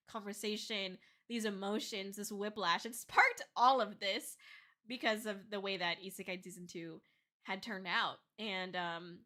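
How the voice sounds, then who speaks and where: Teary young woman streamer, bright voice. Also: mid-range voice. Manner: soft, emotional, laughs between thank-yous. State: teary after crying. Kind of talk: casual livestream chat reading comments.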